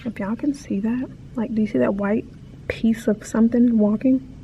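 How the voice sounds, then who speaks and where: A woman's voice: on the high side, steady tone, normal speed, dark tone, muffled recording, slight background noise. A woman of thirty talking to camera in a hotel in the desert, chatty and emotional, with lots of fillers. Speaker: travel vlogger. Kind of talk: casual vlog talk to camera.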